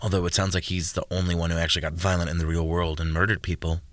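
A man's voice: deep voice, little pitch movement, quick pace, dry recording, pitched below the performer's own voice, close to an everyday voice. A man narrating a storybook, voicing a young woman investigator who speaks hesitantly and defiantly. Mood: relieved. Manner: hesitant, faltering then firm.

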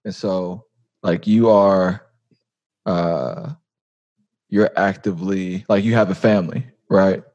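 Deep-voiced laid-back man hosting a podcast. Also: steady tone, takes it slowly, pauses often, a little mellow, lo-fi sound. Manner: laid-back, chatty, lots of "like" and "um". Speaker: podcast host. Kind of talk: casual conversational interview.

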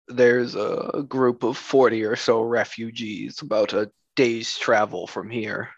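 A man plays a courtly, persuasive villain in a tabletop game, speaking slowly in a lowish voice. The sound is dull and dry, with a lo-fi edge. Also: husky, no echo, heavily acted. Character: smooth-talking male deceiver, adult.

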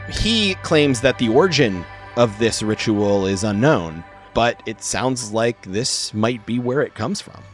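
Male game master, unhurried narration, light music behind. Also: mid-range voice. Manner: relaxed, slow narration with fillers.

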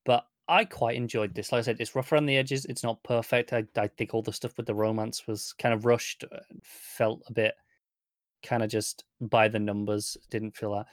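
A man's voice: lowish voice, steady tone, no room sound. Thoughtful British man, dry close mic. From United Kingdom. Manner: measured, thoughtful, agreeable. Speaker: podcast co-host. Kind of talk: casual chat.

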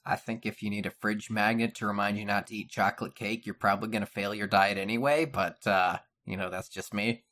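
A man's voice: lowish voice, steady tone, brisk, hardly any pauses, a bit bright. A man co-hosting a casual podcast, making dry, skeptical comments about the product. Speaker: podcast co-host.

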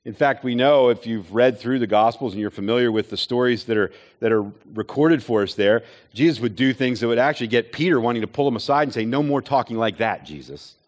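Guy preaching a sermon, earnest, lots of rhetorical questions, middle pitch. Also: quick pace, few pauses. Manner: earnest, rhetorical questions, acts out quoted voices. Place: chapel or hall with an audience.

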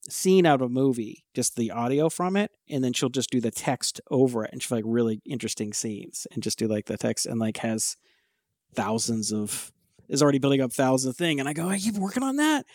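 A man's voice: mid-range voice, no room sound, studio quality. A man co-hosting a podcast in casual chat, telling stories with frequent laughter and casual swearing. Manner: animated storyteller, laughs often, swears casually. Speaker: podcast co-host.

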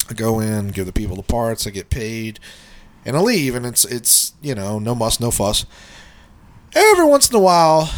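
A man co-hosting a podcast, telling a rambling work story in casual chat, swearing often and laughing as he goes, with his allergies acting up. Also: mid-range voice. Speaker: podcast co-host.

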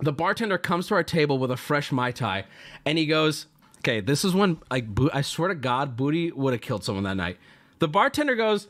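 A man in his thirties casually telling a story to his stream, swearing freely and acting out his friends' lines in a lower voice. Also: sing-song, brisk, a bit bright.

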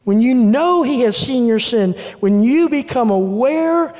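High-voiced man preaching in a big room. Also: lively intonation, measured pace. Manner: earnest preaching, dropping soft for quoted words. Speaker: pastor. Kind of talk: sermon. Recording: long reverb of a large room.

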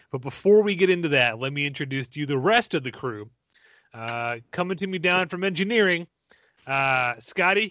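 A man's voice: mid-range voice, fairly bright tone, no room sound. A man hosting a casual podcast, rambling through his intro with laughs and self-mocking asides. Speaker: podcast host. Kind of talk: casual chat.

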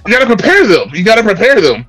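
A young man, a cosplayer guest on a podcast, telling family stories in a lively, laughing conversational way. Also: sits high. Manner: animated storyteller, quick laughs. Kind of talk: casual podcast chat.

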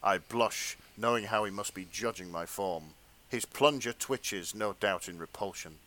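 A man's voice: fairly low pitch, bright, forceful tone. Giggly man reading fanfic aloud. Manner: reads slowly, often breaking into laughter. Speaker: podcast co-host and reader. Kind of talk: comedic dramatic fanfic reading.

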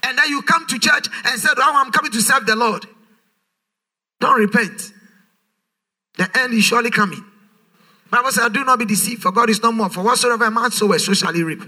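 A man's voice: very high voice, fairly quick, sharp tone. A man preaching a sermon, emphatic and full of rhetorical questions, his voice rising in a sing-song way. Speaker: pastor.

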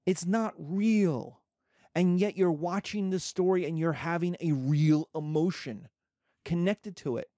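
A man in his fifties giving a classroom lecture, animated and jokey, with digressions along the way. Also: a little high, normal speed, dry recording, clean studio sound. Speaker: teacher.

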